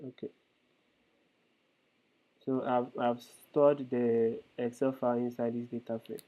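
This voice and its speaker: A man's voice: medium pitch, level tone, slow pace. A male instructor explaining code step by step in a live online lesson, hesitant with frequent fillers. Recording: tinny phone-like call audio.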